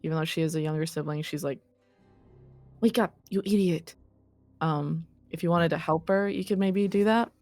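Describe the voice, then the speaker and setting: A woman narrating a tabletop role-play as game master, relaxed and full of fillers. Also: low-pitched, fairly quick, few pauses, soft background music.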